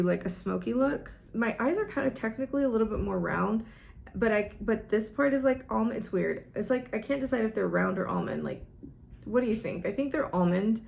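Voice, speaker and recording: A woman's voice: mid-range voice, vocal fry. A young woman chatting casually at home while doing her makeup, rambling and emotional, tearing up as she talks. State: teary, close to crying. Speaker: beauty vlogger. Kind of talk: casual get-ready-with-me chat.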